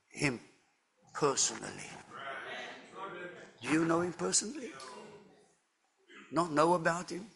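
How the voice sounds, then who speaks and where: A man's voice: mid-range voice, vocal fry, sharp tone. Earnest older man giving church testimony. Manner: earnest and emphatic, with slow deliberate phrasing. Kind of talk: sermon testimony.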